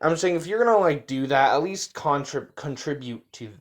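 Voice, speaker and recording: A man's voice: a little high, animated, moderate pace, a little hiss or hum. A man giving casual reaction commentary, rambling with fillers and repeating himself. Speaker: reaction video host.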